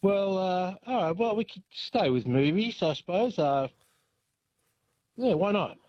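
A man's voice: high-pitched, lively intonation, measured pace. An easygoing Australian man phones in to a radio quiz. His intonation swings widely as he talks. The phone line sounds dull and muffled. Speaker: caller.

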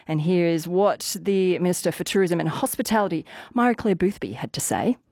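A woman's voice: fairly low pitch, lively intonation, a little fast, darkish tone, no echo. A woman hosting breakfast radio from a studio, chatting casually while out of breath after running up stairs. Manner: chatty, conversational, self-deprecating. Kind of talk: live radio presenting. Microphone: studio microphone.

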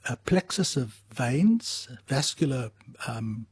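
A man as a medical expert guest, giving patient, measured explanations with small restarts. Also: mid-range voice, big pitch swings, a little mellow, husky, dry recording. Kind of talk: explanatory interview answers.

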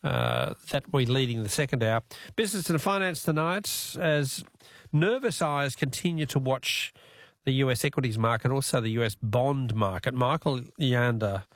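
A man's voice: mid-range voice, lively intonation, normal speed, dry recording. Man, radio host, rambling chatty delivery, dry studio sound. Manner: chatty, rambling, with frequent fillers. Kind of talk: late-night radio show opening. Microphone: studio microphone.

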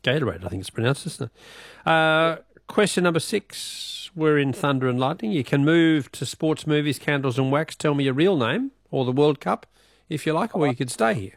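A man's voice: a little high, lively intonation, moderate pace, gravelly, no room sound, studio quality. A man with an Australian accent hosting a radio quiz, playful and teasing, laughing often. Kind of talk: casual radio talk.

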